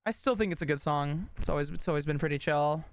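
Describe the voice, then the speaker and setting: A woman's voice: low voice, fast, dry recording. A woman livestreaming, chatting casually with her viewers in a blunt, rambling way and swearing often. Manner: blunt, swears a lot, rambles and talks to chat.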